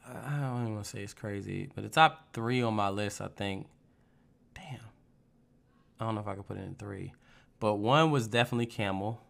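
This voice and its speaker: A young man in casual chat, telling animated, profane stories and acting out the people in them. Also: on the low side, brisk, gravelly. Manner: animated, profane storytelling with lively put-on quotes.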